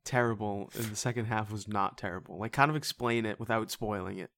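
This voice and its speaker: A podcast co-host reviewing a horror movie in casual chat, animated, swearing and laughing often, with many fillers. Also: medium pitch, fairly quick.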